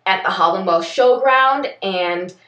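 A woman's voice: mid-range voice, a little slow, pushed and bright, echoey room, distant mic. A woman co-hosting a podcast, chatting casually through a case from her notes with plenty of fillers and self-corrections. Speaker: podcast co-host.

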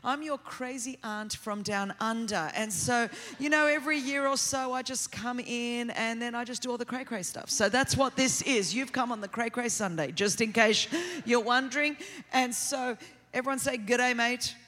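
A middle-aged woman with an Australian accent, preaching a sermon as a guest in a church, talking hard, fast and without pause. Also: a little high. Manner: fast, energetic, continuous delivery. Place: large church auditorium. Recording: long hall reverb.

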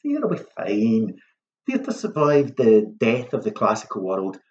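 A man's voice: lowish voice, unhurried, lo-fi sound. A man, a playwright, giving casual, self-mocking writing advice in a workshop talk. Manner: lively, self-mocking, acts out lines in a hushed voice.

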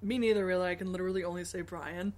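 A woman's voice: lowish voice, fairly even intonation, fast talker, darkish tone. A woman co-hosting a podcast in casual chat, joking, often laughing and swearing freely. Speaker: podcast co-host.

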